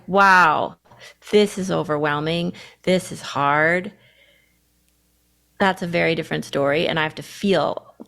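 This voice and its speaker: A woman co-hosting a podcast, talking candidly and reflectively about herself and suddenly acting out her inner voices in loud bursts. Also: medium pitch. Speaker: podcast co-host. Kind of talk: reflective conversational chat.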